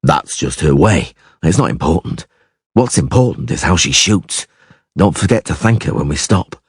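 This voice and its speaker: Man playing a gruff, stern monster hunter. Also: a bass voice, animated, moderate pace, dry recording, exaggerated voice. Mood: dry. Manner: stern, dry, curt.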